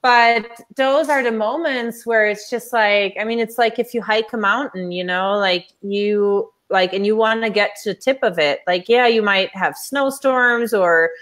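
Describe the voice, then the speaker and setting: A woman guest in a casual interview, telling stories in an animated way and acting out quoted voices. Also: mid-range voice, unhurried, few pauses. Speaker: interview guest, coach and speaker.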